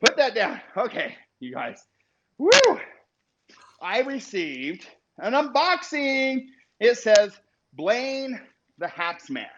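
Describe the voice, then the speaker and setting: Whooping high-voiced man on a live stream. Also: slow, pauses often. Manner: excitable, whooping shout-outs to viewers. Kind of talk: casual live-stream chat. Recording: muffled live stream with background noise.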